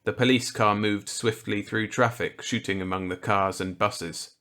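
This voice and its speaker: A man narrating a grim short story in a measured, deliberate way. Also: on the low side, steady tone, a bit bright. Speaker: audiobook narrator. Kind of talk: scripted narration.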